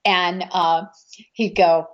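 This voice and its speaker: Slow and low, with little pitch movement, a martial arts film actress relates an anecdote from a shoot and acts out what people said. The audio is dull and lo-fi.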